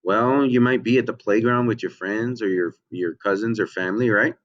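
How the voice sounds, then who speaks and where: Low-pitched male teacher talking kids through a lesson, lots of ums and "okay?", muffled lo-fi sound. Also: normal speed. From United States. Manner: checks in with frequent "okay?" and "right?", many ums. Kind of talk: lesson for children. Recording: dull lo-fi audio.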